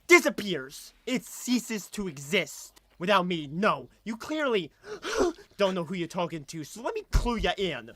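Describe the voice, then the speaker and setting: A man dubbing a menacing middle-aged man who is a proud, cold drug kingpin, speaking quietly and intensely with sharp gasps between lines into a desk microphone. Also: high voice, big pitch swings, unhurried, few pauses, dry recording, full character voice. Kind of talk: live dubbing a film scene.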